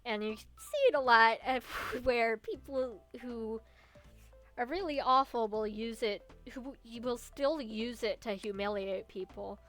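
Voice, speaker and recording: A woman's voice: a little high, a little slow, fairly bright tone, faint music behind. A young woman streamer telling personal stories in a casual, rambling way, with restarts and small laughs. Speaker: vtuber streamer. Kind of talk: casual storytelling chat.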